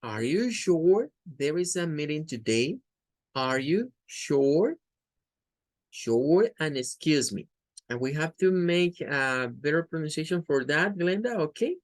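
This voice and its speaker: A native Spanish speaker teaches an English class in a Spanish accent, slowly repeating phrases for pronunciation practice. Her voice is low-pitched with large pitch swings, and there's no room sound.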